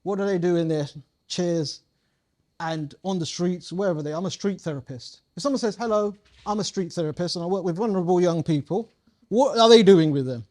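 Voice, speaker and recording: A community coaching trainer runs a live workshop, his voice high, fairly quick and darkish in tone. He keeps things playful and full of slang, quizzing the audience as he goes.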